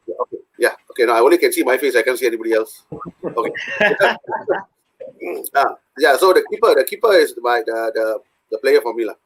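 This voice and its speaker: A man's voice: mid-range voice, animated, brisk, poor audio. A man speaking as a panelist on a video call, hesitant and full of fillers. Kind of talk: casual panel discussion.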